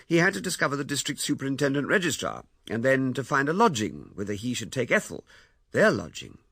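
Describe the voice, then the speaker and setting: A man narrating a classic novel in a measured, expressive storytelling manner. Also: lowish voice, breathy edge, no room sound, studio quality. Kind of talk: scripted audiobook narration.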